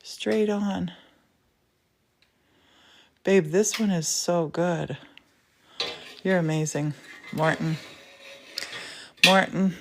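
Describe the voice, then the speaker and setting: A woman's voice: lowish voice, fairly even intonation, extremely slow, long pauses, noisy background. A woman hosting a casual live demo from a glass studio, gushing with affection and chatting to her viewers. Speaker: livestream host. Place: indoor glass fusing studio.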